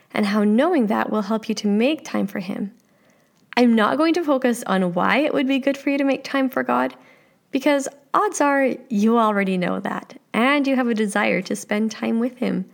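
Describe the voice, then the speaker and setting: A woman's voice: mid-range voice, vocal fry. A Canadian woman in her thirties with a Canadian accent, hosting a solo podcast as a life coach and talking casually with listeners. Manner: friendly, conversational, asks the listener questions.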